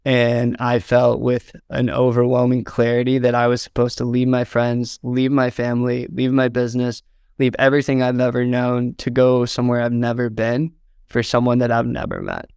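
Young guy from indiana telling a story, gravelly but smooth, dry close sound. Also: mid-range voice, completely flat delivery, normal speed, darkish tone, dry recording. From southern Indiana, US. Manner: earnest, fills with "like" and "um", gets choked up. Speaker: interview guest, videographer. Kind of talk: heartfelt storytelling in a podcast interview.

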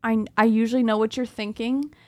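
A young woman chats as a podcast co-host, telling a ghost story with a lot of animation and casual swearing. Her voice sits a bit high, and the recording is dry and close, with no room sound. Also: flat delivery, fairly quick, darkish tone, no echo.

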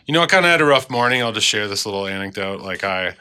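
A man's voice: fairly low pitch, lively intonation, fast, bright, forceful tone, clear, resonant tone. A man co-hosting a casual podcast, talking reflectively in a stuffed-up voice. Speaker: podcast co-host.

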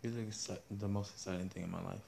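A man's voice: low-pitched, steady tone, racing, vocal fry, dark tone, a little hiss or hum. A man hosting a podcast, chatting casually in a playful, teasing way. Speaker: podcast host.

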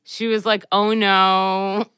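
Bright, clear-voiced woman telling a story. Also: medium pitch, level tone, slow, dry recording. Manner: laughs through an embarrassing story, acts out her own quotes loudly. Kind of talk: casual chat.

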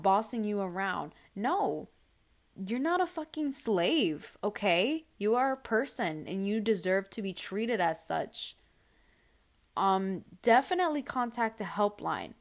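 A woman's voice: medium pitch, lively intonation, a little slow. A young woman hosting a casual advice podcast, answering listener questions bluntly and heatedly, with lots of swearing.

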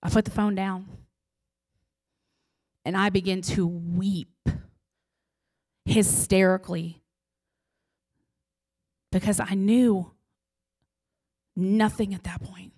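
A woman shares an emotional faith testimony at a middle pitch. She tells it earnestly and with heartfelt intensity, leaning on dramatic pauses. Her voice sometimes sinks almost to a whisper. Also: fairly even intonation, a little mellow, breathy edge. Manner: earnest storytelling that drops to near-whispers. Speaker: speaker giving a personal testimony.

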